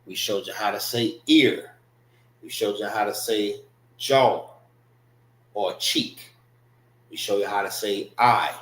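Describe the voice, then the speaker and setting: A man with a fairly low but fairly bright voice teaches a language class in a room with noticeable echo. He drills pronunciation syllable by syllable in a loose, conversational way, frequently saying "know what I mean."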